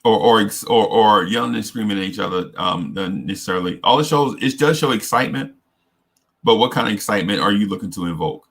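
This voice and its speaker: A man hosting a casual advice talk, speaking earnestly in halting phrases with many restarts and repeated words. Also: on the low side. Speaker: host.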